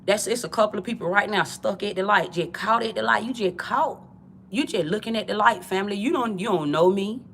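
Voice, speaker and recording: A woman's voice: medium pitch, brisk, fairly bright tone, a little hiss or hum. A woman from Georgia, delivering a preachy, repetitive livestream monologue in profane street talk, calling her viewers family. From Georgia, USA.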